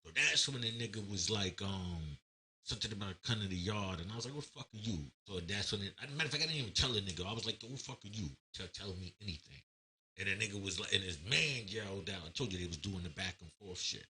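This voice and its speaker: Brief: man, low voice with a very bright edge, animated storyteller who acts out quotes. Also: fast talker. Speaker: storyteller recounting prison stories. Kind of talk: casual storytelling.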